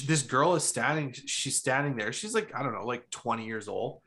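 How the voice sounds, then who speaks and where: Laid-back, profane man telling a story. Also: medium pitch. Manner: relaxed, profane storyteller, quick agreeing interjections. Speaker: podcast co-host. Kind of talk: casual storytelling chat.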